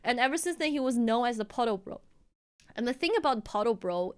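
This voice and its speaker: A woman's voice: a little high, lively intonation, fairly quick, smooth. A young woman from China, telling a story casually on a stream and laughing often.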